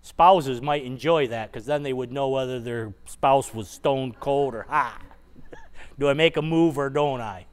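A man's voice: mid-range voice, a little slow, smooth. A man preaching a sermon, retelling a scripture passage conversationally and asking the congregation rhetorical questions. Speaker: pastor.

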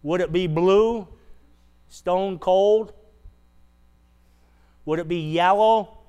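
A man's voice: high-pitched, drawn-out words, mellow, clear, resonant tone. A man preaching a sermon, retelling a scripture passage conversationally and asking the congregation rhetorical questions. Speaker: pastor.

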